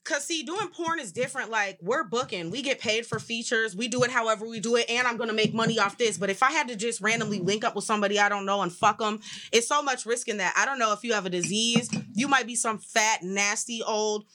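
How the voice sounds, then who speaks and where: A woman speaking bluntly and with a lot of profanity, telling animated stories in a candid podcast chat. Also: on the high side, fast talker.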